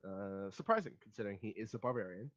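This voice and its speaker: A man's voice: on the low side, lively intonation, fast, a bit bright. Man game master, lo-fi mic. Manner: casual, hesitant, many fillers. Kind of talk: narrating a tabletop game.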